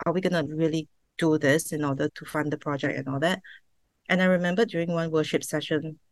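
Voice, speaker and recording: Brief: low-pitched woman, dry close recording, earnest heartfelt testimony as a podcast guest. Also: fairly even intonation, brisk, no echo. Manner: emotional, heartfelt, sometimes laughing and tearful. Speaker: interview guest, server founder. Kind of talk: personal testimony.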